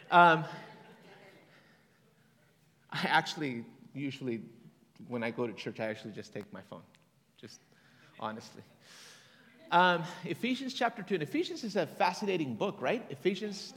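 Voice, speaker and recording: A man's voice: a little high, a bit bright. A man preaching a conversational sermon to a congregation, chatty and casual, reading scripture aloud and leading them in responses. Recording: long reverb of a large hall.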